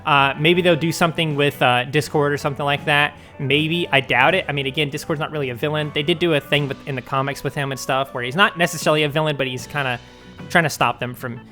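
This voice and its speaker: A man's voice: a little high, steady tone, quick pace, pushed and bright, faint music behind. Rambling man in a casual fan commentary. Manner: rambling, speculative, lots of ums and likes. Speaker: fandom news video host.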